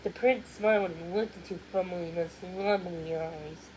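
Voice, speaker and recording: A woman gently reading a storybook aloud. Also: lowish voice, steady tone, normal speed, a little hiss or hum, poor audio. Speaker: storybook reader. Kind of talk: read-aloud storybook narration.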